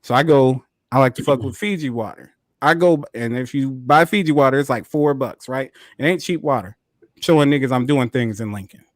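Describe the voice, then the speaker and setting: A man co-hosting a podcast, telling a story in a casual, animated way, full of profanity and quick laughs. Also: medium pitch, no echo, studio quality. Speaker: podcast co-host.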